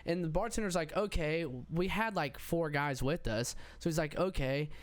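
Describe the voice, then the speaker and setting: A young man with a clear, smooth voice that sits a little high, talking loosely on a podcast. He rambles, restarts his sentences and swears freely. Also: animated, normal speed. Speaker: podcast host. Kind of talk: casual chat.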